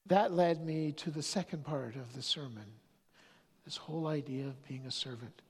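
A pastor preaching a sermon, telling stories with many restarts, moving between loud stretches and near-whispers. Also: medium pitch, moderate pace, husky. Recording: long hall reverb.

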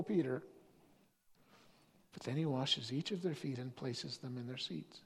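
A pastor preaching a sermon, telling stories with many restarts, moving between loud stretches and near-whispers. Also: medium pitch, a little slow, husky. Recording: long hall reverb.

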